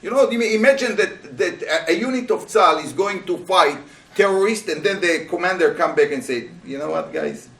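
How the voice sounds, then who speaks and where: A man teaching a Torah class as a rabbi, speaking with animated rhetorical questions to his students. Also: high-pitched, normal speed. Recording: roomy, voice from a distance.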